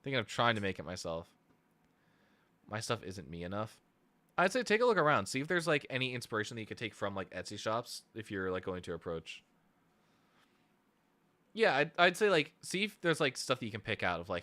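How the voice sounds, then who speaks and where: Rambling low-voiced man streaming. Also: sing-song, brisk, long pauses, pushed and bright, no echo. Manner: rambling, self-deprecating, thinks aloud while searching. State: sleep deprived. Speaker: streamer and musician. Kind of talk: casual live stream chat.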